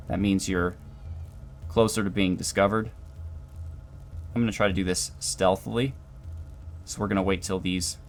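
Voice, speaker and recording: Calm low-voiced man narrating gameplay. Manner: calm, dry, explanatory. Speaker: gameplay commentator. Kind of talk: let's play commentary.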